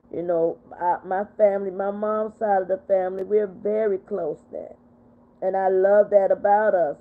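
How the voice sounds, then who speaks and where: An older woman hosting a casual livestream, talking in a heartfelt, repetitive way while she is upset but steady. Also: mid-range voice. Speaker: livestream host. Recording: tinny phone-like sound.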